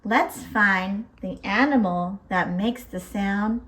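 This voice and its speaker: A woman's voice: medium pitch, slow pace, a bit bright. A woman hosting a toddler lesson, speaking in a sing-song way and imitating farm animal noises. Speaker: children's teacher.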